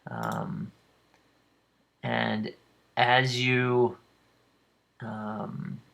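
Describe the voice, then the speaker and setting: A man running a tabletop game as game master, describing the scene in an unhurried way with frequent ums. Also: medium pitch, sing-song, gravelly, a bit bright.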